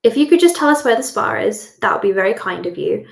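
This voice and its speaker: A cheeky young male adventurer, played by a woman in a tabletop game. He speaks softly and with mock politeness. The voice sits somewhat high. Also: big pitch swings, quick pace, creaky, echoey room. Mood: mock-polite. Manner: soft-spoken and mock-polite.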